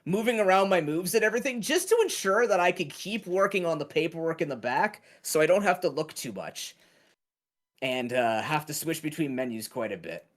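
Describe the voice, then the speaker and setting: A man's voice: on the high side, animated, fairly quick. A man in his thirties, chatting casually and rambling while he plays a game on stream. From Canada. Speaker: game runner. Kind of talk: casual commentary while playing.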